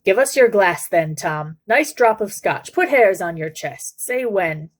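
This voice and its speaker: A woman's voice: mid-range voice, lively intonation, unhurried. A woman voicing a greedy, sour old male shopkeeper who mutters and grumbles.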